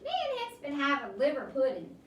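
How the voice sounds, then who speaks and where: A woman's voice: high-pitched, wildly swooping pitch, brisk, reverberant, far from the mic, slight background noise, voice pushed up. A woman voicing a laid-back older drifter man with a folksy drawl, reading a storybook aloud. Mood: contented.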